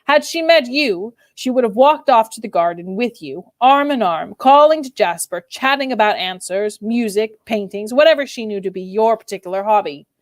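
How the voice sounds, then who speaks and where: A woman's voice: fairly high pitch, lively intonation, normal speed, few pauses, no echo, lightly acted. A woman voicing a brooding, tormented older husband, speaking with bitter intensity in a dry, close reading.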